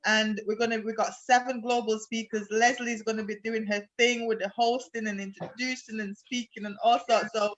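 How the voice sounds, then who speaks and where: A woman's voice: on the high side, flat delivery, normal speed, few pauses, muffled recording. A woman guest on a video call, speaking with effusive, heartfelt praise in a casual chat.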